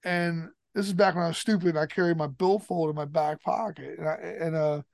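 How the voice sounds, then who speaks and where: A man's voice: on the high side, fairly even intonation, brisk, vocal fry, a little mellow, dry recording, studio quality. A man telling a long story as a podcast guest, swearing constantly and rambling emphatically. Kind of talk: casual storytelling.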